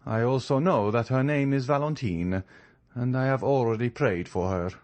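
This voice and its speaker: A man reading an audiobook who voices a calm, devout priest with an Italian accent and a formal, courteous way of speaking. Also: mid-range voice, normal speed, no room sound, voice pushed up, close to an everyday voice. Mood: solemn. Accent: Italian, put on.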